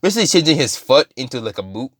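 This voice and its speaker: A man's voice: medium pitch, big pitch swings, fast, a bit bright, no echo, studio quality. Rambling man telling a story. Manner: rambling, many fillers and restarts. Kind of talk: casual storytelling.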